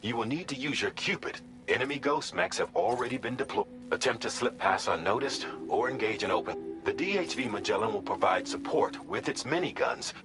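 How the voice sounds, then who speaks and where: An actor playing a steady military ship commander who gives formal mission briefings in a video game cutscene. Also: male voice, mid-range voice, a little fast, few pauses, natural voice. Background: game score music.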